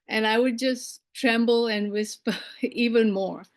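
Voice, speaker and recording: A middle-aged woman from India giving a personal storytelling speech, animated and acting out the voices of the people she quotes. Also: fairly high pitch, measured pace. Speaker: keynote speaker.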